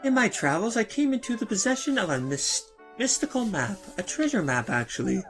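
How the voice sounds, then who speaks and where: A man's voice: very animated, a little fast, a bit bright, soft background music, exaggerated voice. A man voicing a sweet young princess reading her letter aloud in a raised voice. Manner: high put-on voice reading aloud.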